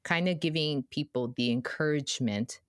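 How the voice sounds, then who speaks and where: Woman, young adult, podcast host, low voice, animated storytelling, dry close sound. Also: moderate pace, smooth, no echo. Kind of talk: casual chat.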